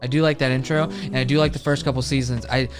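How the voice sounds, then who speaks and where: A man co-hosting a casual podcast chat, relaxed and offhand, with the odd swear word dropped in. He leads the group through a ranking of shows. Faint music plays underneath. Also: medium pitch, fast. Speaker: podcast co-host.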